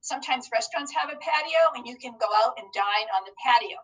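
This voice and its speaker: A woman teaching a phonics lesson to young children, talking slowly and clearly and encouraging them as they go. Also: high voice, lively intonation, a bit bright, recorded from a distance, poor audio. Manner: slow, clearly enunciated, encouraging teacher talk.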